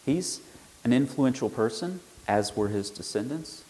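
A man giving an explanatory Bible lecture, measured in tone and leaning hard on key words with sudden emphasis. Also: mid-range voice, animated, warm tone, poor audio. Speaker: Bible teacher.

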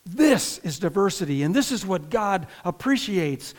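A man with a high voice preaches a sermon in a chatty, informal way, with restarts and asides to his listeners. He is from northern Indiana and pastors his congregation. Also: big pitch swings, a little slow.

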